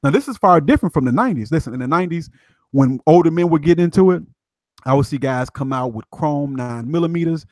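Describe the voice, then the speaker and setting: A man's voice: on the high side, animated, quick pace, darkish tone, no room sound. A man from Chicago talking emphatically as a guest commentator, in casual street slang.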